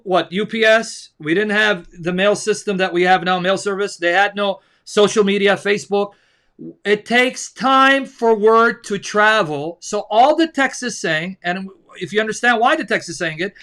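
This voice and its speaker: High-voiced bright sarcastic man. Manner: sarcastic, emphatic, slows down to stress points. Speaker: co-host of a debate stream. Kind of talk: casual mocking commentary.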